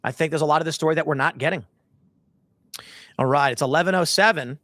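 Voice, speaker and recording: A man's voice: a little high, quick pace, sharp tone, no room sound. Chatty man hosting a livestream. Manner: rambling, slips into mock voices for jokes. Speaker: livestream host. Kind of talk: casual livestream commentary reading chat.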